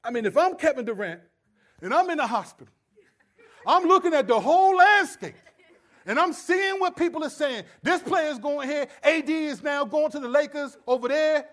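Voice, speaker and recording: A man putting on a boastful TV sports pundit, arguing emphatically and getting louder. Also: extremely high pitch, lively intonation, moderate pace, pitched above the performer's own voice. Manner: emphatic, rising to near shouting.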